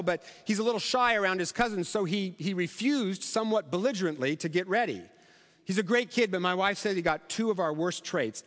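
A man's voice: high-pitched, a bit bright, long reverb tail. A middle-aged male pastor preaching a sermon in a conversational, storytelling way with rhetorical questions.

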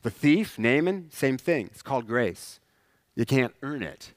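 A man's voice: mid-range voice, very animated, measured pace, no echo, clean studio sound. A man preaching a sermon as a pastor in a conversational way, often checking in with the congregation and acting out characters. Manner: conversational, asks "right?" often, acts out characters.

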